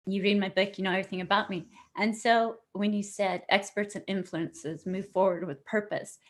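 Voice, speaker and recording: A woman's voice: medium pitch, fairly even intonation, normal speed. A middle-aged woman being interviewed as a guest author, sharing in an earnest, effusive way that turns tearful at moments. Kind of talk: emotional personal sharing in an online interview.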